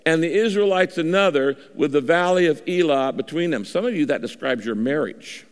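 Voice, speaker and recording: A man preaches a sermon in a fairly high voice, leaning on dramatic pauses and swings of pitch. His words carry a long reverb, as in a big church auditorium. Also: smooth. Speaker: pastor.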